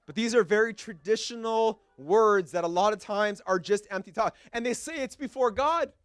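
A pastor delivering a sermon, his voice high and smooth. He drives points home with short, repeated phrases and slips into easy, joking asides. The sound is dry and close, with little room echo. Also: normal speed. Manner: emphatic, repetitive preaching with short punchy phrases; conversational asides with light humor. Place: church sanctuary.

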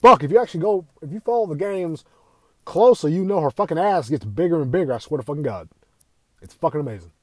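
A man's voice: fairly high pitch, animated, fast talker, no room sound. A young man ranting as a podcast host, swearing constantly, repeating himself and firing rhetorical questions. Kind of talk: profane opinion rant.

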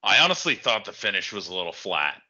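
A man's voice: sits low, sing-song, fast, sharp tone, highs cut off. A man co-hosting a podcast, giving blunt, profane takes on wrestling matches. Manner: blunt, profane, laughs often. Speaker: podcast co-host. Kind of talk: casual wrestling review chat.

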